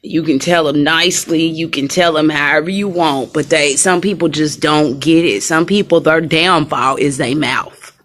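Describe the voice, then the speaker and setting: A woman's voice: deep voice, moderate pace, hardly any pauses, a bit bright. A woman ranting emphatically on a casual live stream from a hospital room, talking straight to her viewers and repeating herself. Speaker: livestreamer.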